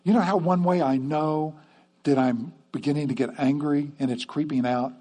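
A man's voice: fairly high pitch, steady tone, moderate pace, dark tone. A man preaching a sermon to his church in a conversational way, often checking in with the congregation with "okay?". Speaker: pastor.

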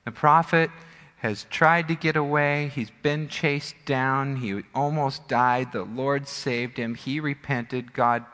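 A man preaching a sermon as pastor, an animated storyteller who acts out scenes. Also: mid-range voice, slow. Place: church sanctuary. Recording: long church hall reverb.

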